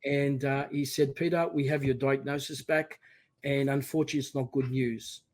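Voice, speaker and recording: A middle-aged man telling his personal story as a podcast guest, emphatic and animated, often quoting his own words. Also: medium pitch, moderate pace.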